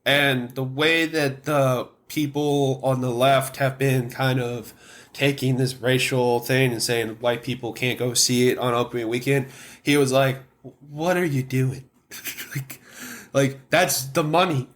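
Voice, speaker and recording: A man's voice: mid-range voice, steady tone, unhurried, a bit bright. A man hosting a podcast, chatting casually and ranting with strong opinions. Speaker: podcast host.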